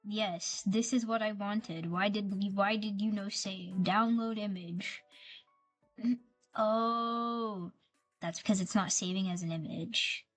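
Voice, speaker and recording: A woman's voice: medium pitch, fairly even intonation, slow, soft background music. A woman streaming a game, chatting casually and gushing over the characters, often repeating herself. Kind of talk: casual gameplay commentary.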